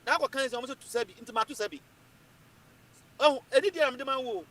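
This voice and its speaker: A Ghanaian man giving animated political commentary, emphatic and repetitive, switching between English and Twi. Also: very high-pitched, fast talker.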